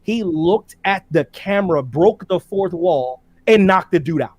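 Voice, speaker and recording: A man co-hosting a casual debate show, animated, talking about fighters and slipping into quick impressions of them. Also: dry recording. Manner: animated, swings loud and high when excited; impersonates fighters mid-talk.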